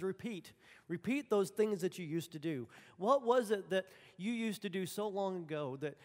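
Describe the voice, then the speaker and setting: A man's voice: a little high, darkish tone. A man preaching a sermon, telling folksy personal stories and acting out the dialogue. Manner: folksy storytelling, acts out dialogue. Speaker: pastor. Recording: long hall reverb.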